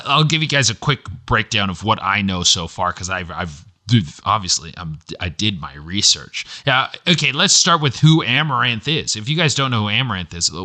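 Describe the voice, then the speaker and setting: A man hosting a solo podcast at his computer, talking in an animated way, swearing freely and jumping between high and low pitch. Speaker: podcast host.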